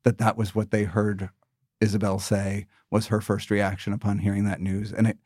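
An American man in his thirties, a former ambassador running for office, answering interview questions in a measured, thoughtful way with frequent restarts. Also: fairly low pitch, little pitch movement, a little mellow, no room sound, studio quality. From United States. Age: 30s. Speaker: political candidate, former ambassador.

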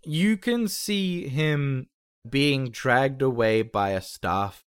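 A man's voice: mid-range voice, extremely slow, clear, resonant tone, no room sound, studio quality. A man narrating a tabletop role-playing game as game master, describing scenes vividly with some hesitant restarts.

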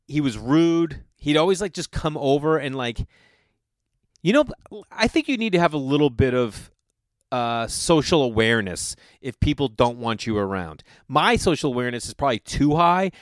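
Man, casual comic storytelling, swears a lot, acts out other people's lines, average pitch, dry close sound. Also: lively intonation, normal speed, dry recording.

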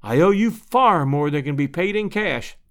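Man voicing a jovial westerner, folksy, lively pitch, storybook. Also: normal speed, close to an everyday voice. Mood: warm. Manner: folksy rural drawl. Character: kind, jovial man back from out west.

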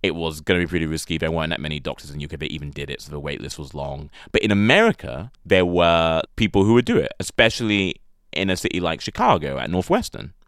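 A man's voice: a bass voice, very animated, quick pace, a bit bright, smooth, no room sound, clean studio sound. A young man with an English accent telling a personal story in a chatty, amused way, full of fillers. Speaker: guest storyteller.

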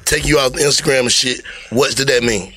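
A man's voice: medium pitch, brisk, bright, forceful tone. A man in a casual podcast chat, asking blunt, curious questions and swearing casually.

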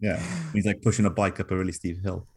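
Deadpan man, lowish voice. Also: quick pace, slightly rough. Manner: dry, deadpan delivery of mock ad reads. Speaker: podcast co-host. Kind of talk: casual comedic podcast chat.

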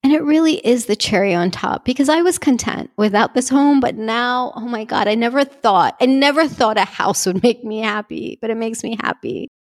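A woman's voice: fairly high pitch, normal speed, hardly any pauses. Gushing woman, emotional and heartfelt. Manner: gushing, heartfelt, tearful at times. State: emotional, near tears. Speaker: vlogger speaking to her community. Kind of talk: emotional personal vlog.

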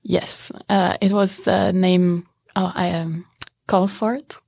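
A young French woman with a French accent, answering interview questions in English in a hesitant, halting way with lots of "uh" and "um.". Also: fairly low pitch, little pitch movement, gravelly, a little mellow, husky, no echo. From France. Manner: hesitant, halting, laughs easily. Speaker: interview guest. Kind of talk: casual interview chat.

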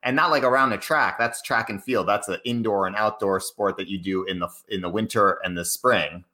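A man in his thirties from Cambridge, Massachusetts, a guest telling stories in casual talk, animated and laughing often. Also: lowish voice, a little fast. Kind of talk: casual storytelling.

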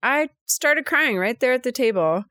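A woman's voice: high voice, expressive, moderate pace, pushed and bright, no echo, clean studio sound. Chatty middle-aged woman telling stories. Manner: chatty, storytelling, emotional. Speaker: podcast co-host. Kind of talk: casual chat.

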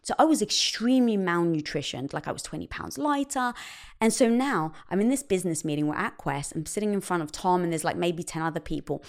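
A woman in conversation, telling a personal story with lively delivery and acting out the quoted dialogue. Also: fairly low pitch, fairly quick. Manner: animated storyteller who acts out quoted dialogue. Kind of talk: casual conversation.

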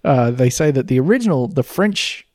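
A man's voice: medium pitch, lively intonation, moderate pace, a little mellow, no echo, studio quality. A man co-hosting a casual comedic podcast, telling the story dryly and sardonically. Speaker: podcast co-host.

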